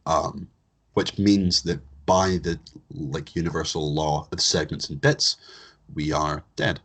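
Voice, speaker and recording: A man's voice: very deep voice, slow pace. A young man hosting a podcast, bantering with crude jokes in a casual comedic chat. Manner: jokey, bantering, crude humor. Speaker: podcast host.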